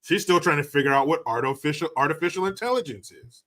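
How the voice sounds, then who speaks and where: A man's voice: on the high side, fast, fairly bright tone. A man hosting a casual livestream, ranting sarcastically and thanking viewers for donations. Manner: sarcastic, mocking rants with profanity. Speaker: livestream host reading donations.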